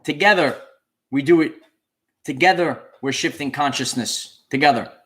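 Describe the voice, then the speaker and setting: A man speaks straight to his livestream audience, his voice sitting a little higher than most men's. He repeats his key phrases over and over with a preacher's earnest emphasis. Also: moderate pace, fairly bright tone. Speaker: channel host. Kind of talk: livestream talk to viewers.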